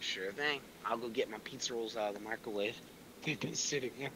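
A man streaming a game, chatting casually and spinning animated stories with swearing and laughter. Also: mid-range voice, fairly quick, a little hiss or hum. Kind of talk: casual gaming chat. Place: home.

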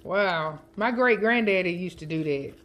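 A woman chatting casually as a home cooking vlogger, counting her seasoning shakes out loud and joking with family off camera. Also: lowish voice, normal speed, slight background noise. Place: home kitchen. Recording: kitchen clatter of dishes and utensils.

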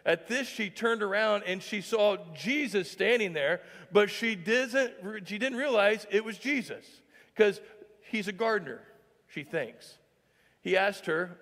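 A man's voice: sits high, animated, normal speed, a bit bright, big-room sound. A man preaching a sermon as pastor, joking with the congregation and often asking "all right?". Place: church sanctuary.

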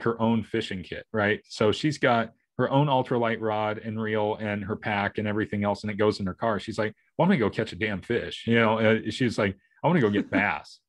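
Low-voiced middle-aged man, rambling. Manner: rambling, restarting, acting out family members' lines. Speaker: podcast co-host. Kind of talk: casual chat.

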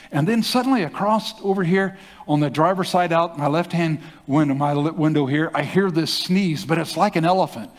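An older man, a pastor, telling a story in a sermon with animated delivery and acted-out quotes. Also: on the high side, brisk. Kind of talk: sermon testimony. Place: church hall. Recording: long hall reverb.

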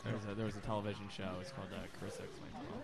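A young man co-commentating a game tournament, playful, with quick puns and asides. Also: lowish voice, little pitch movement, gravelly, music in the background. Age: young adult. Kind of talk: casual esports commentary. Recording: loud crowd behind.

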